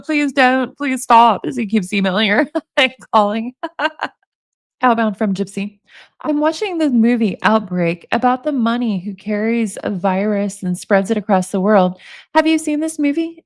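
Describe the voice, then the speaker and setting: A woman in her forties reads emails aloud in a casual commentary, breaking off to make sarcastic, amused remarks. Her pitch sits in the middle, and the recording is close and dry with no room sound. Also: a little mellow, no echo. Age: 40s. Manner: amused, sarcastic, laughs often. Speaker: commentary host reading prison emails.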